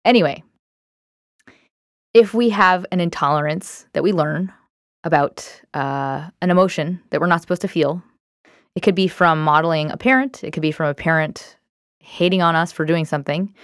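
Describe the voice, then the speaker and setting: A woman's voice: deep voice, normal speed, dry recording, studio quality. A woman hosting a self-help podcast, talking in a candid, reflective way with many fillers. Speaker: podcast host. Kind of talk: casual self-help talk.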